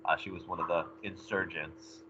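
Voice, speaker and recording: A male history teacher giving a recorded lecture, animated and jokey, talking straight to his students. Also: deep voice, moderate pace, lo-fi sound, background noise.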